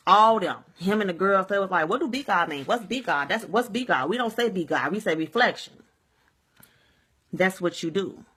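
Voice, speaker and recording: A woman rants to her viewers in a bright, forceful voice. She rambles, circles back to the same points, tacks "you see what I'm saying" onto her thoughts and swears without a second thought. She talks from home at the close of her day. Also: lowish voice. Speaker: vlogger. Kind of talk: casual vlog rant. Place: at home at day's end, sage and candles burning.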